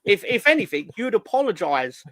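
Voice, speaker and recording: A man hosting a casual live chat, reading out viewer comments in a playful, rambling, excitable way. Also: high voice, normal speed, crowd noise. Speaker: host.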